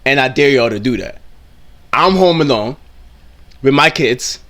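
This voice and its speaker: A man's voice: mid-range voice, animated, unhurried, fairly bright tone. A man giving blunt, indignant reaction commentary, swearing freely and often repeating himself mid-sentence. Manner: repeats and restarts phrases often.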